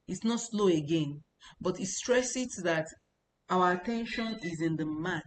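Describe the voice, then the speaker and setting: A woman's voice: on the low side, lively intonation, a little slow, slight background noise. A woman teaching a language lesson, explaining patiently and repeating points with casual fillers.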